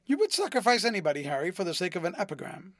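A man voicing a cynical, witty gentleman lord in an audiobook reading, with an amused, epigrammatic manner. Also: high-pitched, huge pitch swings, racing, dry recording, clean studio sound.

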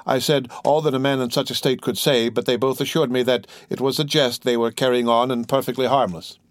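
A guilt-ridden, self-pitying innkeeper from a storybook, played by a male reader, confessing at length. The voice sits at a medium pitch. It is recorded close and dry. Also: fairly even intonation, a little fast, no room sound, lightly acted. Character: remorseful, cowardly middle-aged male innkeeper.

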